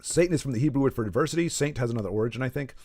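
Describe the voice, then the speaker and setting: A man's voice: medium pitch, racing, a little mellow, no echo. Rambling streamer man, dry close mic. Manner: rambling, self-correcting, jokey asides to chat. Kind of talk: casual live-stream chat while gaming. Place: in Texas.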